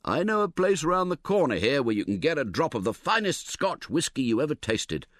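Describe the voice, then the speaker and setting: A man's voice: a little high, big pitch swings, a little fast, a bit bright, no echo, clean studio sound, voice pushed up. A man voicing a bluff, practical fellow who talks in a hearty, matter-of-fact, reassuring way, from an audiobook reading. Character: bluff, practical middle-aged man offering drinks.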